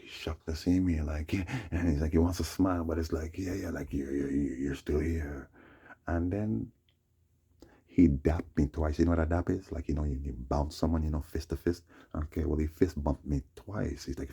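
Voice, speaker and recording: A man with a very low, gravelly voice spins a rambling personal story. His tone is dark and heavily husky, and he keeps tagging lines with "you know" and "man". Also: steady tone, fairly quick. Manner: meandering, fills with "you know what I'm saying" and "man". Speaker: vlogger.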